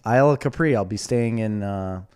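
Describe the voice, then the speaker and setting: A man's voice: fairly low pitch, normal speed, darkish tone, clean tone. A man from the Chicago area co-hosting a podcast, bantering casually and slipping into mock accents. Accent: Chicago-area American. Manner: joking, breaks into mock Chicago-Italian voice. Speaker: podcast co-host.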